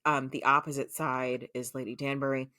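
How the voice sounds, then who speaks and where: A woman co-host from the United States with a strikingly deep, low voice, retelling a show's plot in loose, casual chat. She curses freely and peppers her talk with "like" and "um". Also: little pitch movement, moderate pace, bright, forceful tone, no echo, clean studio sound. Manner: chatty, swears freely, heavy use of fillers like "like" and "um". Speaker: podcast co-host. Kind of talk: casual chat recapping a show.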